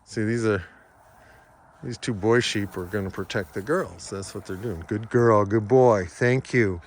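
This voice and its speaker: A middle-aged man, a farm church minister, chatting casually on a windy farm and cooing at his animals in high baby talk. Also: measured pace.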